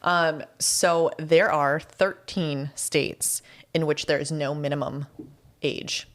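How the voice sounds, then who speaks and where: A woman's voice: low voice, steady tone. A woman co-hosting a podcast, chatting casually and laughing often as she walks through a true crime case. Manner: chatty, laughs often, reads quotes slowly. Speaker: podcast co-host presenting the case.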